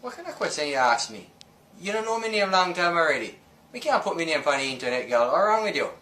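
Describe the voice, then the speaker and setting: A man's voice: on the high side, very animated, quick pace, sharp tone, echoey room. A man with a Jamaican accent chatting in patois, teasing a little.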